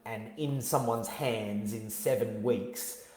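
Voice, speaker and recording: A man in his thirties hosting his own book launch on a live stream, talking in an energetic, heartfelt way with many fillers and restarts. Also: fairly low pitch, slow. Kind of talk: live-streamed casual talk. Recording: roomy echo.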